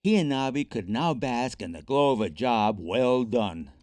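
A man reads a children's chapter book aloud, expressive and animated. His pitch swings widely through the lines, and the recording is dry with no room sound. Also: measured pace, no room sound. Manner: lively, expressive read-aloud. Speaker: narrator. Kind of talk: storybook reading.

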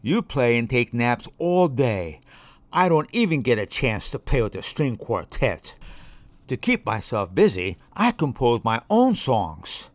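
A man voicing a laid-back male bass bow who talks slowly and mellowly. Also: very animated, no echo. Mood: grumbling.

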